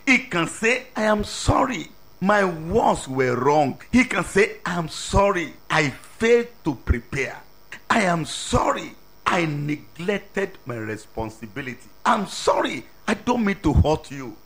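A high-voiced man delivers a sermon at an unhurried pace, pausing to stress each point. His pitch rises and falls widely, and his English grammar is non-native. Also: big pitch swings, a bit bright. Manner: slow, deliberate preaching with emphatic pauses. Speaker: preacher.

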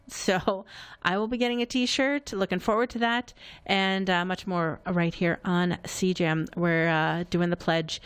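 A woman's voice: on the low side, smooth. A woman hosting a live community radio show, talking in a chatty, upbeat and loosely rambling way into a studio microphone. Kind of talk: casual live radio announcing.

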